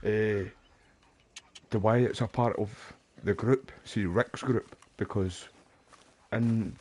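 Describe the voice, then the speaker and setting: A man's voice: fairly low pitch, fairly even intonation, slow, darkish tone, husky. A man rambling casually as he comments on his gameplay. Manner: rambling, chatty tangents. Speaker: gaming streamer.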